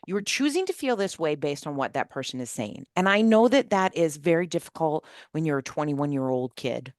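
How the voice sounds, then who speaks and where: A woman's voice: low voice, a little fast, no echo, studio quality. A woman on a podcast panel speaking emphatically about her team, acting out what people say. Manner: emphatic, animated, quotes people in dialogue. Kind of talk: casual panel discussion.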